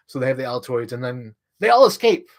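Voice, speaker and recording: A young man ranting casually on a livestream, rambling with lots of "like" and jumping up in pitch when he gets excited. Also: fairly quick. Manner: rambling, heavy use of "like", restarts mid-sentence; animated, voice jumps up when excited.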